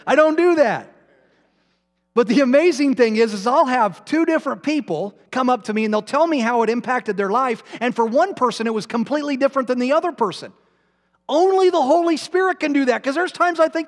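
A man's voice: extremely high pitch, animated, a little fast. A man preaching a sermon as pastor, emphatic and self-deprecating with bits of humor. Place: church sanctuary. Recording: long reverb in a hall.

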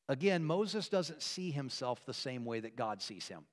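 A man preaching a sermon as a pastor, earnest, moving between emphatic, rising passages and quiet, hushed ones. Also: sits high, very animated, a little slow, few pauses. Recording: long reverb of a large hall.

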